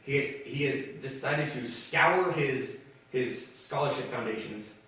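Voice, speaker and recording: A man's voice: medium pitch, a little slow, sharp tone. Rambling young man in an echoey room. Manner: rambling storyteller, swears freely, many restarts. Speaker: podcast co-host. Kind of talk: casual chat. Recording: echoey room, distant from mic.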